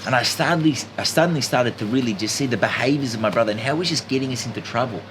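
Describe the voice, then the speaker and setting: A man telling a story in an animated, emphatic way as a podcast guest. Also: mid-range voice, very fast, noisy background. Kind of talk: casual storytelling chat.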